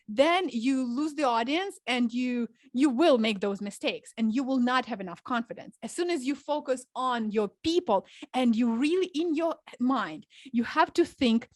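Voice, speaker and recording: Earnest, fairly high-voiced woman coach. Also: expressive, normal speed, hardly any pauses, dry recording. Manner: earnest, instructive, demonstrates vocal inflection. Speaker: public speaking coach, guest. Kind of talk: podcast interview, giving advice.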